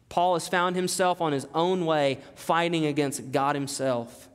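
A man with a high voice preaches a sermon, pressing his points home with repetition and rhetorical questions. His words ring out with a long reverb, as in a large church sanctuary. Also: fairly even intonation, a little slow, hardly any pauses, clean tone. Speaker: pastor.

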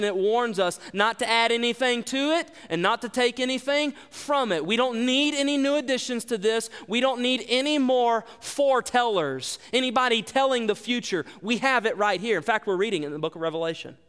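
High-voiced man preaching in an echoing hall. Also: fairly bright tone, smooth. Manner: emphatic, rhetorical questions, repeats phrases. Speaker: pastor. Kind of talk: sermon.

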